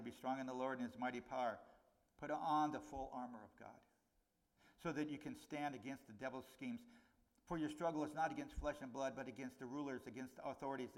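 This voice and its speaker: A middle-aged pastor delivers a conversational sermon. His voice climbs on the key points and sinks low whenever he gives a warning.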